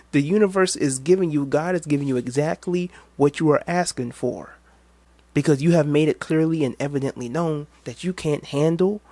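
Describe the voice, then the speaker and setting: A man's voice: fairly high pitch, dark tone, no echo. A man hosting a reaction video, lecturing in a preachy way, quoting scripture with crude asides.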